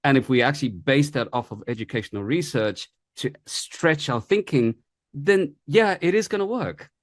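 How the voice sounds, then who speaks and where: A man teaching a live online lesson, talking fast and casually and checking in with "right?" after nearly every point. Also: medium pitch, animated, no room sound, clean studio sound. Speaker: English tutor.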